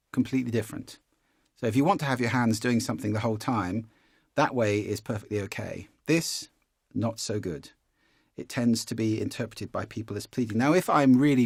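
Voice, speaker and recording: A man, a public speaking coach giving a relaxed, conversational course lesson and demonstrating as he explains. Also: mid-range voice, creaky, husky, dry recording, studio quality.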